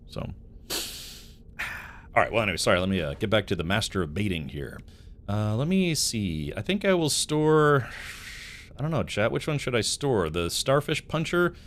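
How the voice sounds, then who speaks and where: A low-pitched man chatting live on his game stream. His voice swings widely up and down as he rambles through anecdotes and laughs along with chat. He sounds like he is talking into a desk mic at a home setup. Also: big pitch swings, moderate pace, fairly bright tone, slight background noise. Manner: rambling storyteller, laughs often, talks to chat.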